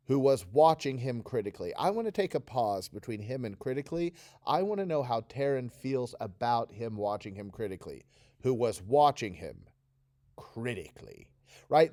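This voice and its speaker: Mellow-voiced male theatre teacher coaching. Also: medium pitch, no echo, clean studio sound. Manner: explanatory, coaching students to read along. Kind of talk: recorded oral interpretation lesson.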